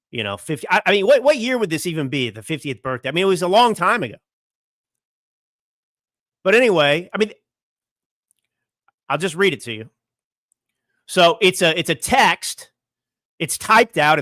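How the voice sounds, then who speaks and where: A man's voice: a little high, very animated, fairly bright tone, no room sound, clean studio sound. Fired-up young man ranting on his show. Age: young adult. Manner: indignant, combative, rapid rhetorical questions. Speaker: political show host. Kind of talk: fiery political commentary monologue. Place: California home studio.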